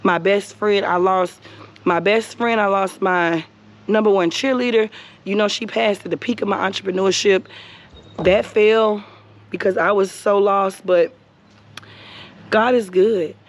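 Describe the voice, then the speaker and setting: A woman's voice: mid-range voice, steady tone, unhurried, long pauses. Earnest woman vlogging at a gravesite. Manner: earnest, encouraging, repeats phrases, addresses viewers as y'all. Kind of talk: heartfelt talk to camera. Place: outdoors at a cemetery gravesite.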